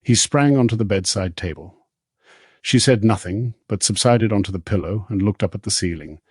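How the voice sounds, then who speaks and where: A man reading a novel as an audiobook narrator, in a measured, steady husky voice. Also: on the low side, no echo, clean studio sound. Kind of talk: scripted narration.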